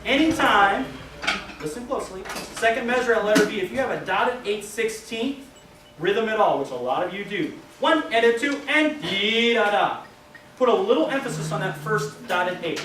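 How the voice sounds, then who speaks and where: A man's voice: sits high, expressive, normal speed, background noise. A man directing a school band in rehearsal, counting off and singing rhythms to the players. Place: large rehearsal room with band. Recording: roomy, distant camera audio with band.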